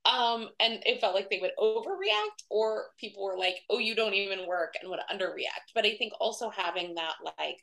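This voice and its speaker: A woman's voice: mid-range voice, lively intonation, moderate pace, creaky, few pauses, fairly bright tone, low-quality recording. A woman in her thirties, a guest telling stories in a casual interview, talking in a chatty way with many fillers and acting out the voices of people she quotes. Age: 30s. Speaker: guest, wedding website publisher.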